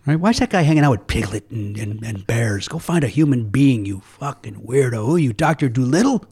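A man's voice: mid-range voice, animated, fast talker, a little mellow, husky. A middle-aged man hosting a podcast, chatting casually and rambling with sarcastic, profane asides. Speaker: podcast host. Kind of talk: casual chat.

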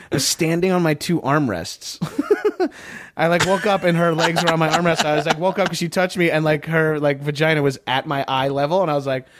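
A man's voice: fairly high pitch, fairly even intonation, fairly quick, fairly bright tone. Rambling, laughing man telling a story. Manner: rambling storyteller, laughs often, many fillers. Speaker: podcast co-host. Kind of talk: casual comedic chat.

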